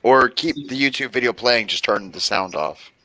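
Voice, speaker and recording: A man's voice: medium pitch, moderate pace, bright, forceful tone, low-quality recording. A man chatting casually on a group stream, dry and matter-of-fact, with blunt remarks. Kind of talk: casual chat.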